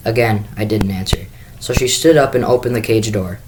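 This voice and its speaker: A man's voice: fairly low pitch, fairly quick, noisy background. A man reading a children's book aloud in first person, with the occasional small restart. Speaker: school staff reader.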